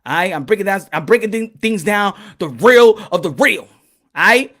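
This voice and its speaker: Boxing channel host, male, very high and bright voice, loose comedic rant, constant laughing and cursing. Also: expressive, normal speed. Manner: laughs often, swears freely, preachy asides.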